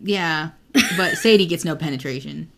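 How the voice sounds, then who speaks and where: A woman's voice: deep voice, expressive, moderate pace, gravelly, noisy background. A woman co-hosting a podcast in casual book chat, frank and crude, often laughing. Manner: frank, giggly, crude humor. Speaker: podcast co-host.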